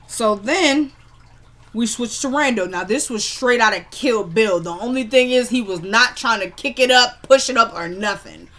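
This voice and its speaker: A woman's voice: a little high, lively intonation, moderate pace, bright, forceful tone. A young woman casually recapping a TV episode, chatty and opinionated, retelling scenes by quoting the characters. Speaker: TV episode reviewer.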